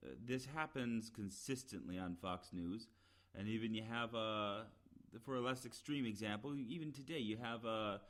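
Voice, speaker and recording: A man with a somewhat low voice delivers an opinionated solo commentary. He rambles with plenty of "uh" fillers and restarts. He leans into emphatic, exasperated repetition. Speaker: podcast commentator.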